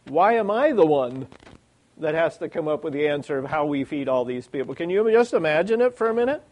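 Male preacher, slightly higher voice, lively sermon delivery with frequent rhetorical questions. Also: fairly quick, highs cut off. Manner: animated, lots of rhetorical questions.

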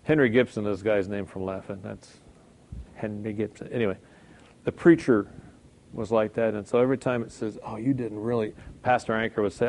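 A man's voice: lowish voice, fairly even intonation, a little fast, darkish tone. A middle-aged male pastor preaching a sermon in a conversational way, often checking in with the congregation.

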